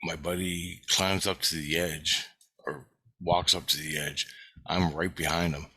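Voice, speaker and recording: A man tells a dream story in a casual, profane way, with plenty of fillers and asides. His voice is low and unhurried. Its tone is bright and forceful. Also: steady tone, slightly rough. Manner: profane, vivid, full of fillers.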